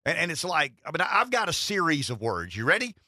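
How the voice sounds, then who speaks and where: A man hosting a talk radio show, talking in an animated way that often restarts and repeats words. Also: a little high, fast talker, no room sound, clean studio sound. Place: radio studio. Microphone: studio headset mic.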